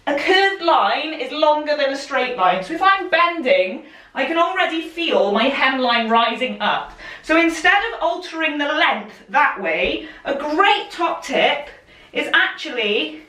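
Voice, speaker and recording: A woman's voice: high voice, sharp tone. A woman teaching a live-streamed sewing lesson, chatty and encouraging, a little out of breath as she moves around. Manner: chatty and encouraging, laughs often. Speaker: sewing pattern instructor. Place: room, speaking while moving in front of camera. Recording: echoey room, voice a bit far from mic.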